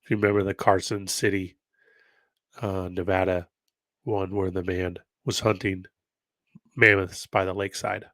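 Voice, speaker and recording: Male host, nasal and stuffed up, low-pitched, dry close sound, casual commentary and read-alouds. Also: level tone, moderate pace, pauses often, fairly bright tone, no room sound. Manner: conversational, musing asides between read passages. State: congested from allergies. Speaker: host of a history-mystery channel.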